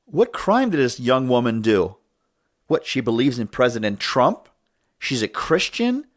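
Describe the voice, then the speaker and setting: A man's voice: mid-range voice, big pitch swings, unhurried. A middle-aged man hosting a show, giving an emphatic political commentary monologue with indignant rhetorical questions. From Northern California. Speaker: show host.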